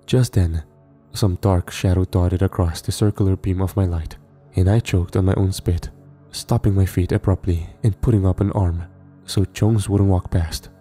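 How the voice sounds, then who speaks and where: A man narrating a horror story in a measured storytelling manner. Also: sits low, fairly even intonation, mellow, slightly rough, faint music behind.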